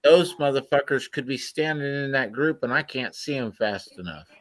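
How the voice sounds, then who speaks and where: A man's voice: medium pitch, normal speed, fairly bright tone, no room sound. A man in casual chat, talking bluntly and profanely with many "you know"s.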